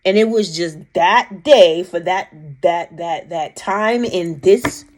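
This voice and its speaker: Emphatic woman with a lowish voice. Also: takes it slowly, poor audio. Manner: animated, emphatic, rambling with restarts. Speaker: vlogger recounting a personal experience. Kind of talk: casual storytelling.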